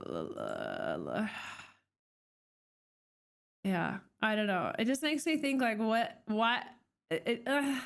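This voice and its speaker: A young woman from Canada chatting casually on a live stream, rambling with many fillers and restarts. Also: a little high.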